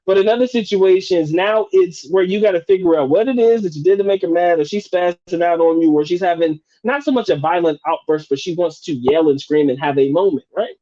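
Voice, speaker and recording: A man's voice: sits high, brisk, hardly any pauses, dark tone, dull audio. A man hosting a live stream, chatting casually and profanely, restarting and rephrasing as he goes. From United States.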